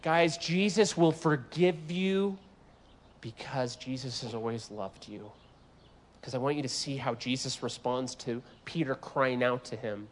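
A man preaching a sermon in an animated, joking way, acting out voices from the scripture he reads. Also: medium pitch, a little slow, a little hiss or hum. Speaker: guest preacher.

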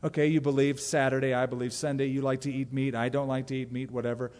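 A man's voice: mid-range voice, flat delivery, fast, a little mellow, in a large hall. A man preaching a sermon as pastor, emphatic and conversational, with direct asides to the congregation.

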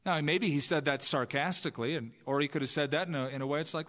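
A man preaches in a relaxed, conversational way, slipping into the voices of the people he quotes. His voice sits fairly high for a man. The sound carries the long reverb of a large church hall. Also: quick pace. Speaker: pastor. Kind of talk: sermon.

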